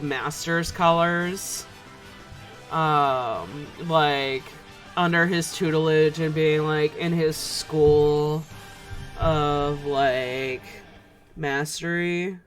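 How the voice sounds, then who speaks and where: A man chatting casually on a live stream while he paints miniatures, rambling and hesitant. His voice is high and his pace slow. Faint music plays underneath. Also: fairly even intonation, a bit bright.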